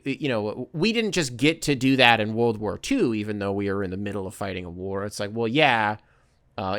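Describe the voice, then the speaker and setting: A man's voice: a little high, a bit bright. A man hosting a podcast alone, ranting casually with profanity and sarcastic impressions. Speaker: podcast host. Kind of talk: casual solo rant.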